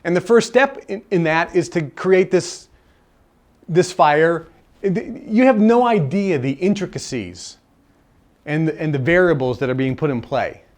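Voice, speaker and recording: A man with a slightly higher voice gives a live self-help seminar to an audience in the room. He speaks earnestly and drives points home by repeating key phrases. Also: expressive, a little slow.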